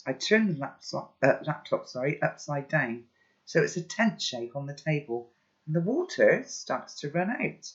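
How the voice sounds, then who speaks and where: A man's voice: a little high, animated, moderate pace, a bit bright, dull audio. A man reading a children's novel aloud, with chatty asides to his listeners. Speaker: storybook reader.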